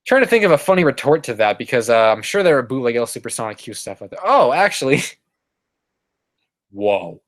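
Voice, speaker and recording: A man's voice: medium pitch, big pitch swings, quick pace, hardly any pauses. A man casually chatting on a live stream from his apartment, answering chat messages and rambling with lots of fillers and restarts. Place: apartment room.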